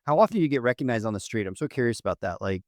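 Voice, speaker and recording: A man's voice: mid-range voice, expressive, very fast, dry recording, clean studio sound. A man co-hosting a podcast, asking questions and praising his guest in an eager, effusive way. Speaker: podcast co-host. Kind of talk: casual interview chat.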